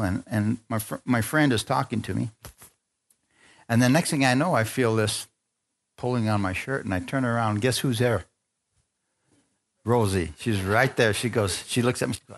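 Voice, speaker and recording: A man's voice: mid-range voice, creaky. A middle-aged man preaching, telling his own story and acting out the voices, calling on the crowd for amens. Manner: storytelling, acts out dialogue, asks the crowd for amens. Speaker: preacher giving testimony. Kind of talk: sermon testimony.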